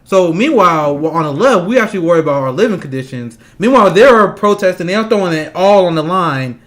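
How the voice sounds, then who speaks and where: Angry high-voiced man ranting about politics. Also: big pitch swings, fairly bright tone. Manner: angry, fast, profane, laughs mid-sentence. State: agitated. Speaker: political commentator. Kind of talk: heated political rant.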